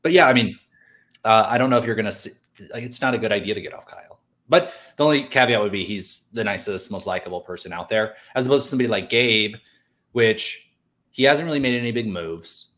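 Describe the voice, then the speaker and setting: A man's voice: on the low side, animated, brisk, fairly bright tone. A man co-hosting a recap podcast, rambling in loose, joking casual chat. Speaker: podcast co-host.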